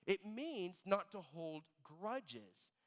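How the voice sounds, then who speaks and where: A man preaching a sermon as pastor, animated and storytelling, dropping low and quiet on key words. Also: very slow. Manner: animated storyteller, acts out both sides of little scenes. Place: church sanctuary. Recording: long reverb of a church hall.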